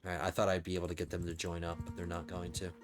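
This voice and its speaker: Man with a strained voice, low-pitched. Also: completely flat delivery, very fast, music in the background. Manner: thinking out loud while playing. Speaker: gaming channel host. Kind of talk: casual let's play commentary.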